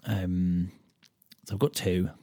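A British man hosting a solo podcast, casually explaining guitar rhythm and thinking out loud, with frequent ums and beats counted aloud. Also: sits low, level tone, slow. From United Kingdom. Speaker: podcast host and guitar teacher.

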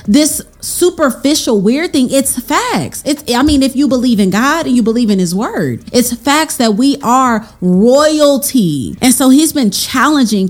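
A young woman hosting a faith-based girl talk monologue to camera, emphatic and preachy, calling her listeners y'all. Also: on the high side. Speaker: host.

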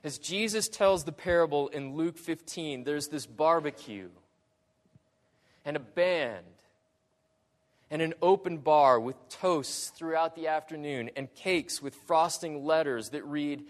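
A man preaching a sermon in slow, deliberate phrases that swell dramatically and then drop quiet. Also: fairly high pitch, in a large hall.

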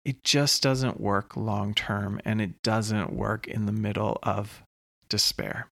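A man hosting his own podcast, talking slowly and earnestly in a reflective solo monologue with long pauses. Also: on the low side, fairly even intonation, vocal fry, fairly bright tone, no room sound, clean studio sound. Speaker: podcast host.

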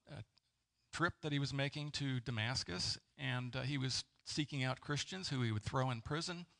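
Gravelly-voiced man preaching a sermon. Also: mid-range voice, fairly bright tone. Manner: halting, searching for words with many fillers. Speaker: pastor. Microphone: presenting with slides.

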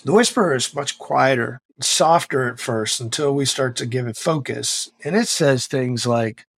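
Middle-aged male guest: energetic motivational storyteller with a gravelly voice, dry recording. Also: medium pitch, normal speed, no room sound. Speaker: guest, author and former Navy SEAL. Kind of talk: podcast interview storytelling.

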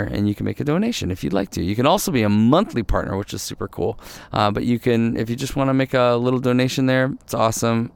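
A male pastor hosting a devotional podcast, talking gently and reflectively, often repeating phrases, recorded outdoors at night. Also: lowish voice, gravelly, smooth, no room sound. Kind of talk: casual devotional podcast talk.

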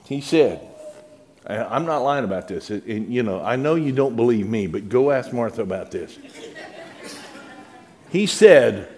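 A man spins a funny personal story in a dry, sarcastic tone, letting the understatement carry the joke. His delivery halts at times, with quick restarts and doubled words. His voice sits at an ordinary, middle pitch for a man. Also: animated, darkish tone. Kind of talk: humorous personal anecdote.

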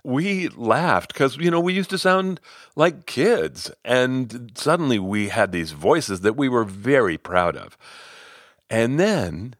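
A middle-aged man hosting his own podcast and telling a story as a speaking coach. He is expressive, climbing high when excited and sinking to near-whispers. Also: no echo, clean studio sound. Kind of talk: solo podcast storytelling and advice.

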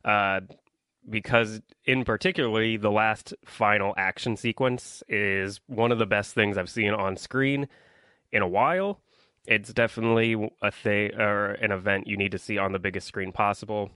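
A man's voice: lowish voice, steady tone, moderate pace, bright, forceful tone, clear, resonant tone, no room sound. A young man hosting a solo podcast, rambling through a casual movie review with lots of ums and likes while complaining about his audience. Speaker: podcast host.

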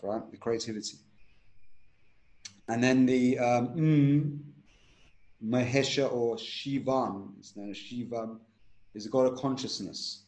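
A man's voice: mid-range voice, fairly even intonation, unhurried, a little mellow, echoey room. A man teaching a breathing technique in an interview, instructive and repetitive, often checking in with "right?".

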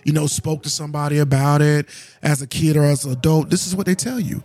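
A man's voice: on the high side, quick pace, darkish tone, faint music behind. A man hosting a podcast, earnestly telling a personal story in a casual, conversational way and speaking straight to his listeners. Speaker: podcast host.

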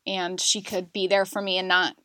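A woman guest in a podcast interview, candidly recounting a painful personal story in a halting, emotional way. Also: fairly low pitch, level tone, pushed and bright, no echo.

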